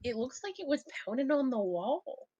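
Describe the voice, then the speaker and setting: A woman's voice: high-pitched, very animated, normal speed, mellow, highs cut off. A woman playing a tabletop game, chatting in a hesitant, self-correcting way. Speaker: player.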